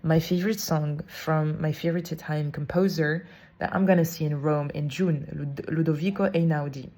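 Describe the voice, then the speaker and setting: A woman talks through a personal story on her podcast in casual, reflective monologue. Her voice sits low and sounds mellow and relaxed. She tells it expressively and now and then slips into fillers. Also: moderate pace. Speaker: podcast host.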